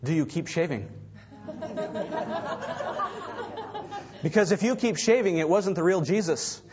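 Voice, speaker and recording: A man preaching a sermon, swinging dramatically from loud to hushed. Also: sits high, expressive, moderate pace, a crowd in the background. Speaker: pastor. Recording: dull lo-fi recording.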